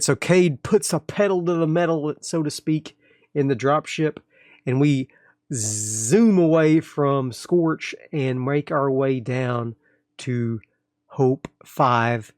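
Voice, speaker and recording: A man's voice: on the high side, takes it slowly, a little mellow, dry recording, clean studio sound. A man narrating his own solo tabletop game in a casual, loose way with fillers. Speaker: solo game master and player.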